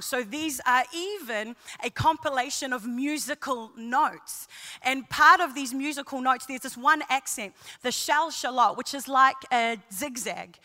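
A woman preacher giving an emphatic sermon, repeating key phrases and building to passionate shouting. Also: sits high. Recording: long hall reverb.

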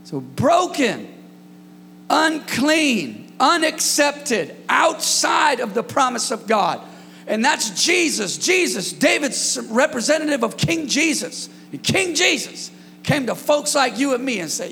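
A man preaching a sermon to his congregation, energetic and calling out to them, sometimes shouting at his peaks. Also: high-pitched, moderate pace, gravelly, in a large hall, slight background noise. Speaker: pastor. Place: church hall.

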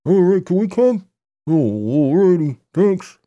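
Friendly driver, put on by a man in a high sing-song voice, slow and drawn out. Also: sing-song, warm tone. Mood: cheerful. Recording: dull lo-fi sound.

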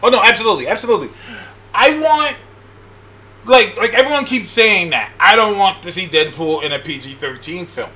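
A man in casual chat, excitable and laughing as he pitches ideas, swearing freely along the way. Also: a little fast.

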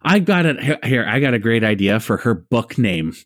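A man's voice: medium pitch, very animated, moderate pace, dry recording, studio quality. A man co-hosting a podcast in casual chat, joking darkly and swearing, often breaking into laughs. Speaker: podcast co-host.

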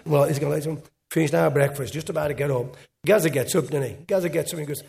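A man's voice: a little high, fairly even intonation, fast talker, vocal fry, few pauses, a little mellow. A man, a former footballer, telling a rambling after-dinner story on stage with lots of repeats. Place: live event on stage.

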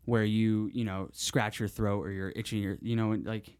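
A man's voice: on the low side, flat delivery, normal speed, darkish tone, smooth, no echo. A young adult man on a podcast, telling a camping story in a rambling way with many restarts. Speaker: podcast co-host. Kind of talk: casual chat.

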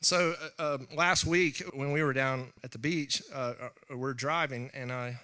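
A man's voice: mid-range voice, steady tone, measured pace, pushed and bright, smooth. A man, preaching a sermon in a storytelling manner, acting out voices and laughing often. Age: 40s.

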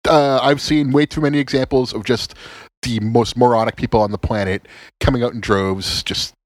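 A man's voice: medium pitch, normal speed. A man talking casually as a podcast co-host, sarcastic and profane, often stammering and restarting his sentences. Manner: animated, sarcastic, swears a lot, stammers and restarts.

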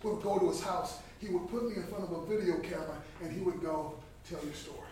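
A man in his fifties delivers an impassioned sermon, dropping to a hush and then rising loud for emphasis. His voice sits a little high for a man. The recording comes from a distance in a very reverberant hall with a faint hiss underneath. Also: quick pace. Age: 50s. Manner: emphatic, swings from hushed to loud. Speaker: guest speaker at a Bible study. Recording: very echoey room, distant mic, faint background noise.

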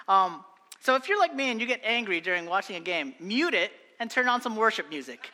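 A man's voice: high voice, animated, a little fast, bright, forceful tone, big-room sound. A young adult man preaching a sermon, earnest and exhorting, often repeating phrases for emphasis. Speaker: pastor.

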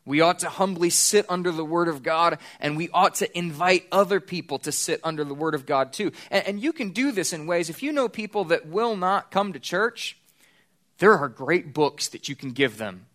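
Pastor guy preaching in church, kinda high voice, earnest, drags out the big points. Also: expressive, fairly bright tone. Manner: earnest, slows down to stress key points. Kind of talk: sermon.

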